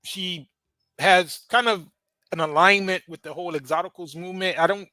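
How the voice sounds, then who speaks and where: A man's voice: high voice, fairly even intonation, normal speed, pushed and bright, no echo. A man hosting a podcast in casual commentary, talking loosely with fillers and frequent laughs. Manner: conversational, laughs often, many fillers. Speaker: podcast host.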